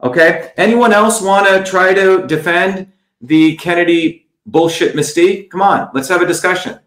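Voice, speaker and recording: A man with a fairly high voice rails at critics in a combative campaign livestream. He talks bluntly and with scorn, answering viewer comments one by one. The sound is roomy and echoey. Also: normal speed, fairly bright tone. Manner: blunt, scornful, repeats "okay?". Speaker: political candidate livestreaming.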